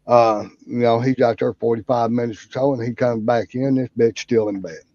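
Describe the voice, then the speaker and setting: A man's voice: mid-range voice, steady tone, moderate pace, warm tone, dry recording, highs cut off. A man hosting his channel, chatting in a rambling, profane way and telling off-color jokes. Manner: rambling, drawling, heavy cursing. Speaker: channel host. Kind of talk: casual profane chat and joke telling.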